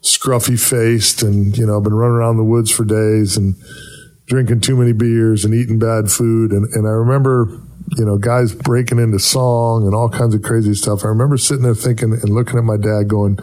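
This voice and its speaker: A man chatting casually and reminiscing in a relaxed, rambling way, laughing easily. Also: fairly low pitch, moderate pace. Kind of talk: casual chat.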